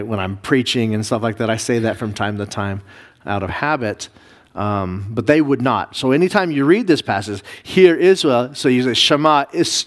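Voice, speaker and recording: A man, a pastor, teaching a Bible class, explaining Hebrew words slowly with many fillers and restarts. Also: mid-range voice. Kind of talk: classroom lesson reading Hebrew.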